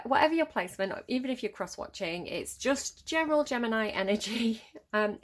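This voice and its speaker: A woman talks her viewers through a tarot reading in a loose, chatty way, breaking into laughter often. Her voice sits at an ordinary middle pitch, and she addresses the listener directly as if chatting with a friend. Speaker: tarot reader. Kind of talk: casual spoken tarot reading.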